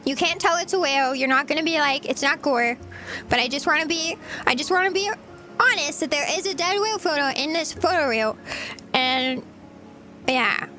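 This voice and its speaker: A woman's voice: high-pitched, animated, normal speed, bright, forceful tone, soft background music. A woman VTuber streamer chatting casually with viewers while she eats, giggly and rambling. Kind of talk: casual livestream chat.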